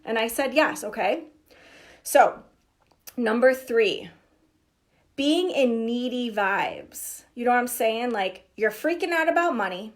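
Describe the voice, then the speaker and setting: A young woman coaching on business in a casual, energetic talk, emphatic and acting out inner voices. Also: fairly high pitch, slow pace. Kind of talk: casual direct-to-camera talk.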